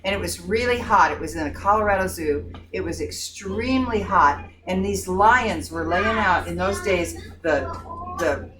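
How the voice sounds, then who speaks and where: A woman's voice: fairly low pitch, normal speed. Older woman, folksy storyteller, distant mic. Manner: folksy, animated storyteller who laughs at her own tales. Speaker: staff member at a pregnancy center. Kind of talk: casual group chat, storytelling. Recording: distant mic with clear background noise.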